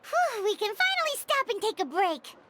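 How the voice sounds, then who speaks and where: A woman voicing a tiny, excitable female floating companion in a game, bubbly and quick to complain in a high, chirpy voice. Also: very noisy. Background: game music.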